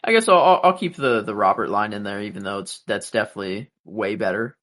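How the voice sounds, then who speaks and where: Lively-voiced musing male podcast co-host. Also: on the low side, quick pace. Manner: musing, hesitant, many fillers and restarts. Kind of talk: casual chat.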